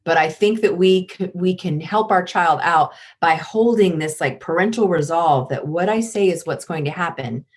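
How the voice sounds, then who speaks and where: A woman with a lower voice talks as a podcast guest, explaining and then acting out little scenes. She is animated and expressive, shifting her voice as she goes. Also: normal speed, few pauses. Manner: animated, acts out examples. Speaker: guest, parenting expert. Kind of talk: podcast conversation.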